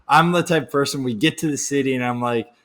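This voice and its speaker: A man in his thirties tells rambling, crude stories on a comedy podcast, with many restarts along the way. His voice sits at an ordinary middle pitch. He breaks into quick impressions of his friends as he goes. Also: a bit bright. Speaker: podcast co-host. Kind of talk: casual comedic chat.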